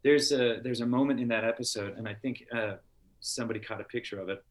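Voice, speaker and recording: A man as a podcast guest, telling a heartfelt story in an earnest way, with halting restarts. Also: mid-range voice. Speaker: podcast guest, TV show star. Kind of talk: casual interview storytelling.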